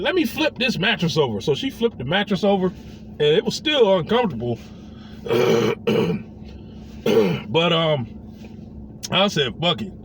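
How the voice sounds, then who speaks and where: A man with a high voice tells a personal story in in a loose, casual way. He swings his pitch widely and slips into the voices of the people he quotes. There is a faint noise behind him. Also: a bit bright.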